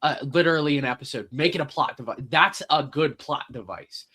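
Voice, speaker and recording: A man co-hosting a TV reaction show, talking casually and haltingly with many fillers. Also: a little high, bright, forceful tone, slightly rough.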